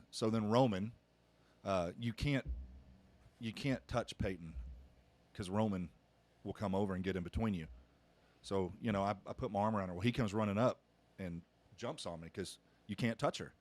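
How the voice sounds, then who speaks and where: A man's voice: on the low side, a little mellow. A middle-aged man, a pastor hosting a podcast, telling a family story earnestly with frequent restarts. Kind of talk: casual podcast conversation.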